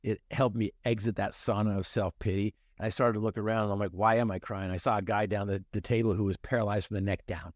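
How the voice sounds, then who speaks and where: A man's voice: lowish voice, steady tone, fast, few pauses, a little mellow, no room sound, clean studio sound. A middle-aged man telling his personal story in a conversation, earnest and emphatic, repeating phrases for effect.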